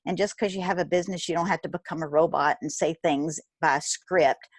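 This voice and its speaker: Woman, 50s, interview guest, animated storytelling, dry close sound. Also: low voice, a little fast, no echo. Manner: animated, acts out quoted dialogue, laughs often. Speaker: guest, retired nurse turned business owner.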